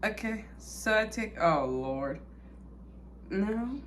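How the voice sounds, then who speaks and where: Animated woman. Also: slow, a little hiss or hum. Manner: dramatic, talks to viewers as y'all, swings from loud squeals to low mutters. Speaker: vlogger. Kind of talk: casual food-review vlog.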